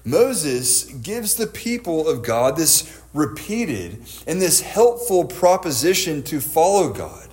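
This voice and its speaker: A young adult man delivers a sermon in a fairly high voice. He tells stories to make his point and acts out the lines he quotes with a raised voice. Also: sing-song, slow, hardly any pauses, darkish tone. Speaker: preacher.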